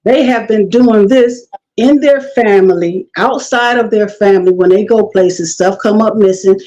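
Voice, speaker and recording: A woman's voice: mid-range voice, measured pace, warm tone, dull audio. A middle-aged woman guest telling stories in a casual talk, acting out the people she quotes and laughing often. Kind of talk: casual storytelling interview.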